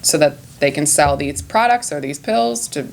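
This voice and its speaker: A woman's voice: low-pitched, expressive, normal speed, gravelly, a little hiss or hum. A woman hosting a podcast in casual chat, earnest, sometimes reading quotes aloud. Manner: earnest, laughs at own stumbles. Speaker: podcast host.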